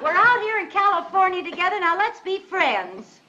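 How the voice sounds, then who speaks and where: A woman's voice: extremely high pitch, big pitch swings, normal speed, crowd noise, background noise. A woman playing a sweet-talking, scheming young housewife in a 1950s sitcom. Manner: wheedling, sweet, comic. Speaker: wife. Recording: lo-fi 1950s TV audio.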